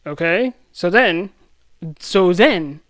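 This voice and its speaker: Young guy ranting about tv on his channel, all over the place, keeps restarting, smooth clean dry voice. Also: sits high, slow, no echo. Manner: rambling and excitable, many restarts and self-interruptions. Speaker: YouTube commentator. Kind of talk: ranting pop-culture commentary.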